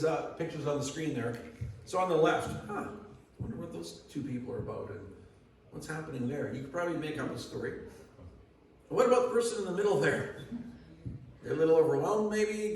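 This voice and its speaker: A man's voice: a little high, distant mic, a little hiss or hum. Man preaching in an echoey church hall. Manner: conversational, asks the audience questions. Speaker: pastor. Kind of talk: sermon.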